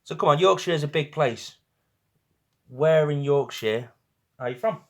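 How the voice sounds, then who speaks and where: His voice is on the high side and a bit bright, with a measured pace. He's a young man from St Helens, northwest England, with the local accent, hosting a laid-back stream where he chats, teases, and laughs often with viewers.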